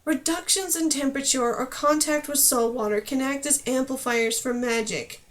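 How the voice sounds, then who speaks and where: A woman voicing an exasperated, sarcastic male mage teacher in an audiobook, often loud and scolding. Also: high voice, normal speed, lightly acted.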